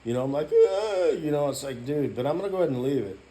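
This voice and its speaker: Racing along in a medium-pitched voice, a male YouTuber delivers a casual vlog rant that's rambling and profane. He plugs every gap with "you know" and occasionally breaks into loud shouting.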